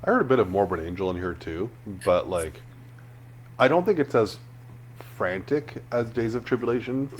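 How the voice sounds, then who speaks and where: Male podcast co-host, very low pitch, relaxed chuckling delivery. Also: normal speed, slight background noise. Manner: laid-back, chuckling storyteller. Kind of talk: casual chat.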